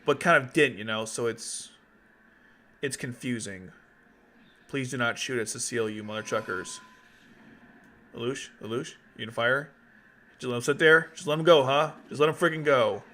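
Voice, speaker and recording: A man's voice: medium pitch, normal speed, long pauses, sharp tone. A man hosting casual gaming commentary, exclaiming in frustration as his voice cracks. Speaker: YouTube host.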